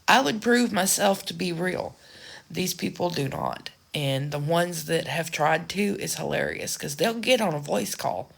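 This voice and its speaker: A woman's voice: sits low, vocal fry. A woman from the United States talking frankly and ramblingly in a casual vlog. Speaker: social media creator.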